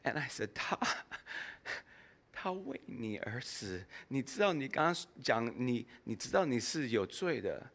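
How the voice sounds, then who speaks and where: A male pastor preaching in a church, his delivery lively and swinging widely in pitch. His tone is bright and forceful as he acts out a story and pauses for his interpreter. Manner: animated storytelling, acting out dialogue. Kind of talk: sermon with live interpretation.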